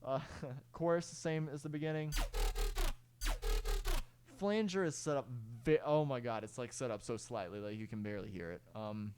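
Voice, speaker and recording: A man's voice: medium pitch, normal speed. A young man walking through his own music project as a casual tutorial, rambling and correcting himself, sometimes singing out rhythms. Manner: rambling, self-correcting, fillers and sung beat sounds. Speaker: music producer giving a tutorial. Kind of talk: casual screen-recorded tutorial. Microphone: clip-on mic.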